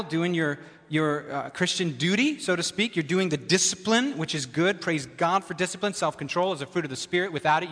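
A man's voice: sits high, a bit bright, big-room sound. A male pastor preaching a sermon in a conversational way, repeating key phrases for emphasis and asking the audience questions.

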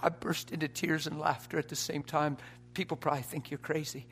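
A man preaching an impassioned sermon, dropping to a hush and rising to shouts. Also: fairly high pitch, fairly even intonation, brisk, breathy edge. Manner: impassioned, swings from hushed to shouting.

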